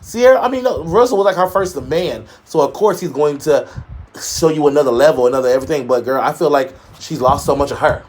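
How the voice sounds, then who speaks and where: A man co-hosting a casual gossip talk show, sassy and emphatic, full of shade. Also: brisk. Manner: sassy, shady, emphatic with big pitch jumps. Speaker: co-host.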